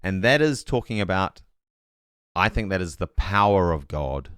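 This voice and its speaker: A man's voice: sits low, animated, normal speed, a bit bright, clean tone, dry recording, studio quality. A man streaming a casual Bible talk, thinking aloud and correcting himself as he goes, and reading chat messages aloud with puzzled asides.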